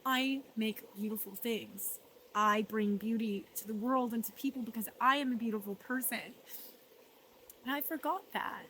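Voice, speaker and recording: Earnest woman vlogging, soft and emotional. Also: a little high, moderate pace, slight background noise. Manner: emotional, earnest, often softly spoken with laughs. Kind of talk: reflective personal vlog. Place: art residency.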